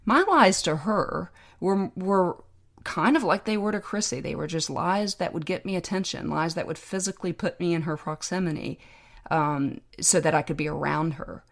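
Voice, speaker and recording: A woman, a podcast guest, telling a personal story in a reflective, heartfelt, measured way. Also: on the low side, gravelly.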